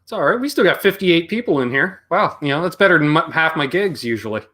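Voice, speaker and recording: A man's voice: a little high, expressive, fast talker, bright, forceful tone. A man from Canada hosting a casual livestream, joking and greeting viewers from the chat by name. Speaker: livestream host.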